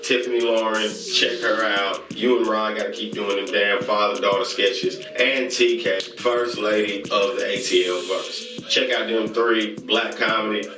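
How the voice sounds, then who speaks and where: Guy hyping up youtube channels, sings little chants, roomy sound a bit off mic with loud music under it. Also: fairly low pitch, far from the mic. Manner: chants and sings catchphrases between fast shout-outs. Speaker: YouTube channel host reviewing creators. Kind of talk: casual hype commentary.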